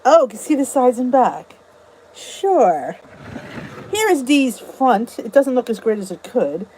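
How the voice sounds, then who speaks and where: The voice is a little high and very animated, a bit slow and mellow, with some hiss or hum over poor audio. It belongs to a middle-aged American woman with a US accent running a casual YouTube livestream indoors at home. Bubbly and chatty, she greets viewers and reads comments, captured by a phone or camera on a stand.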